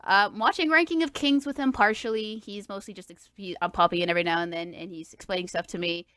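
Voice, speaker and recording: A young woman co-hosting a podcast, chatting casually and rambling, with many fillers, restarts and lively quoted asides. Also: medium pitch, quick pace, dry recording. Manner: animated when quoting people. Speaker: podcast co-host. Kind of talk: casual chat.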